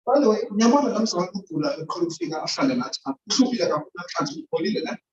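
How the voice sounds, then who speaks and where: A woman's voice: medium pitch, sing-song, rapid-fire, a little mellow. A woman holds an informal, sermon-style talk, regularly checking in with the congregation. She sounds distant from the microphone in a reverberant church, with a slightly muffled recording and a faint background hiss. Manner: chatty, keeps quizzing the congregation. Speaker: church speaker. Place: church hall.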